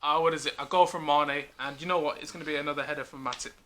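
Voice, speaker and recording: Bright-voiced man running football picks. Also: fairly high pitch, fairly even intonation, rapid-fire. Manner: leads the talk, quizzes his co-host, laughs often. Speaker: host. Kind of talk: casual football prediction chat.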